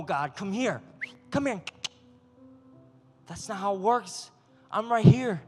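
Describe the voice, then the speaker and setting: Brief: male youth pastor, lively sermon, high voice, long hall reverb. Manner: animated, acts out voices of God and people.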